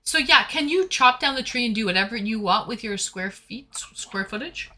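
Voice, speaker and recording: A woman hosts a casual stream chat in a higher, bright and sharp voice. She mostly answers with short, encouraging replies and friendly follow-up questions. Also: lively intonation, normal speed. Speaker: streamer host.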